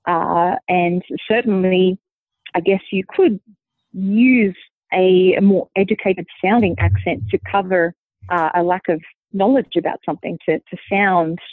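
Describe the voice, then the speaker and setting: A woman with a softened Australian accent, a linguist guest explaining her views in a measured, thinking-aloud way. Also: lowish voice, fairly even intonation, no echo. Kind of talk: conversational interview answer. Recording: dry tinny phone-like line.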